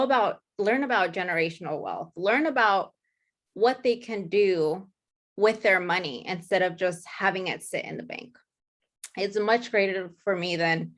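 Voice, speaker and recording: Slow, emotional young woman sharing. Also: medium pitch, fairly bright tone. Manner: slow, emotional, hesitant with fillers. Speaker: new real estate agent. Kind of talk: sharing on a group call. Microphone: video call.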